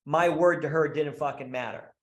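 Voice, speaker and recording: A man with a slightly high voice speaks at a moderate pace in a reverberant room. He's a podcast guest who coaches married men, and he talks bluntly and profanely. His storytelling is animated, and he acts out quoted voices mid-sentence.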